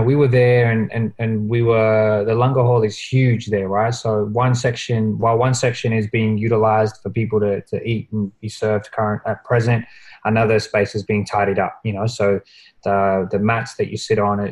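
A man telling a story in casual chat, rambling and filling pauses with "you know" and "like", growing animated as he recounts it. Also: rough recording. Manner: animated when recounting, pitch jumps up.

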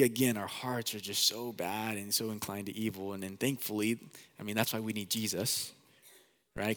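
A man's voice: on the low side, fairly bright tone, big-room sound. A young man preaching a sermon as pastor, earnest and conversational, with many casual fillers.

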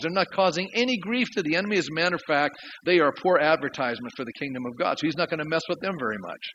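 A man's voice: fairly high pitch, fairly bright tone, muffled recording, a little hiss or hum. A man preaching a sermon as pastor, telling stories earnestly with emphatic rises and drops.

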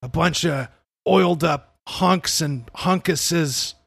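A man's voice: a little high, takes it slowly, vocal fry, fairly bright tone, breathy edge, no room sound. A young man hosting a casual podcast chat, laid-back and swearing freely, often calling his co-host "dude".

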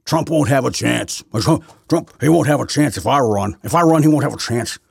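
A man's voice: medium pitch, fairly quick, gravelly, darkish tone, husky, no room sound, studio quality, pitched above the performer's own voice. A man doing a mocking impression of a boastful male politician who keeps bragging about himself.

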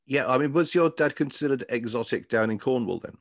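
A man's voice: mid-range voice, fairly quick, no echo. A man hosting an interview, asking thoughtful, long winding questions with restarts. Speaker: interview host. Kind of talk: casual interview chat.

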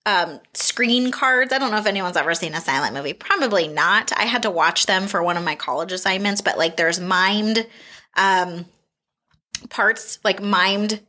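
A woman's voice: mid-range voice, normal speed. A woman co-hosting a podcast, chatting casually about a film with lots of laughter and fillers. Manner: animated, laughs often, fillers. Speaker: podcast co-host. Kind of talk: casual film review chat.

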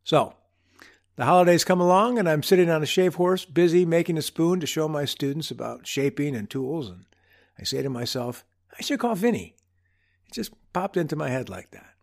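A man hosting his own show, telling a reflective personal story in an unhurried, wry way with humorous asides. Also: a little high, vocal fry, darkish tone. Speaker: podcast host.

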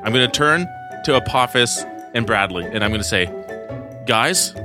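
A man playing a tabletop game, calmly stating his character's actions. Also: mid-range voice, brisk, music in the background. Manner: steady, plainly stating actions. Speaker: player. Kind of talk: tabletop role-play.

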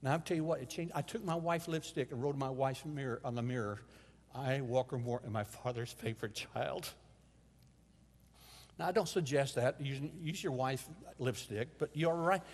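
A man preaching a sermon as a guest speaker in a church, telling a personal story with emotional swings from hushed to loud. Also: medium pitch, normal speed. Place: church sanctuary. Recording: long hall reverb.

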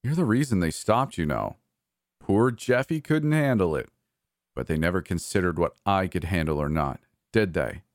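A man's voice: deep voice, expressive, moderate pace, dry recording, clean studio sound. A man doing a mocking, murderous brother. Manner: taunting, mocking, erratic shifts into yelling. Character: manic, cruel adult brother, mocking and murderous.

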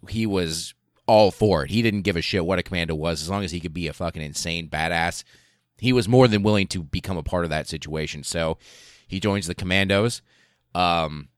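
A man with a very low voice tells a history story in a loose podcast style, swearing freely and tripping over his words. The recording is dry and close. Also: dry recording. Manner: excitable, profane, many fillers and restarts. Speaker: podcast host.

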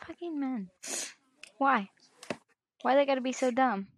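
A woman co-hosting a casual podcast chat, a mother telling animated stories, swearing and laughing a lot. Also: high-pitched, unhurried, highs cut off. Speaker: podcast co-host.

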